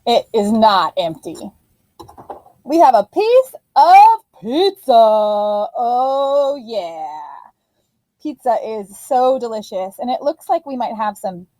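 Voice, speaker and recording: A woman teacher giving a phonics lesson to young children in an animated, sing-song voice. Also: fairly high pitch, no echo, poor audio.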